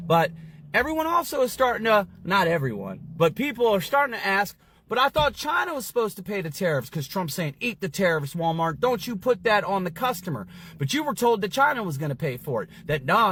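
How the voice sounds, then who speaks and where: A man's voice: sits high, pushed and bright, slightly rough. A man ranting straight to camera on social media in a heated, sarcastic, preachy way. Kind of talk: casual rant to camera. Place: outside a store.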